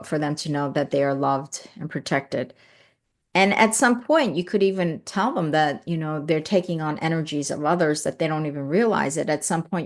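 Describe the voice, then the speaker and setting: A woman hosting a live stream, talking casually and earnestly to her viewers, often repeating phrases for emphasis. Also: sits low.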